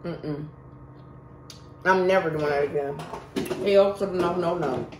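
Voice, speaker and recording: A woman vlogger recounts a story in an emphatic, chatty way, talking directly to her viewers. Her voice sits a little low, and the recording carries a roomy echo. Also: unhurried, noisy background. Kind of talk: casual storytime vlog.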